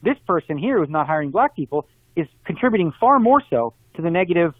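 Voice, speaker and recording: A man calls in as an interview guest, his voice a touch higher than most. He talks fast and animated, making his case through examples. The line sounds tinny and phone-like, completely dry with no room around it. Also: no room sound. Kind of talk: casual interview conversation.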